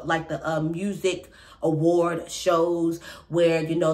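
A young woman casually recapping a reality TV episode in a rambling, chatty way with lots of fillers. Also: low voice.

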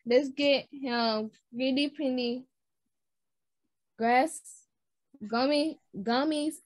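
A woman voicing a brisk, no-nonsense mother in a storybook read-aloud. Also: high voice, no echo.

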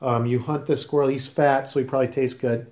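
A man's voice: medium pitch, level tone, brisk, darkish tone, echoey room. A man hosting a casual podcast, questioning his guest in a teasing, mock-serious way. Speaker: podcast host.

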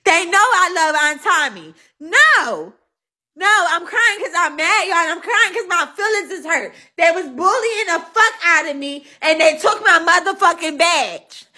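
High, bright-voiced woman venting to viewers. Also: a little slow. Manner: animated, addresses viewers directly and thanks commenters; blunt, profane venting. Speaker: live stream host. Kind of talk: casual live stream chat.

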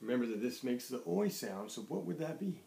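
A man's voice: medium pitch, big pitch swings, a little fast, creaky, warm tone. A male teacher giving a playful, encouraging phonics lesson to young children. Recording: echoey room.

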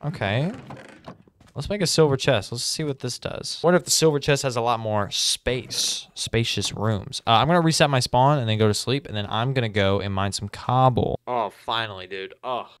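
A man giving excitable, chatty gameplay commentary and talking straight to his viewers. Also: mid-range voice, moderate pace, clear, resonant tone, dry recording. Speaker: gaming video host.

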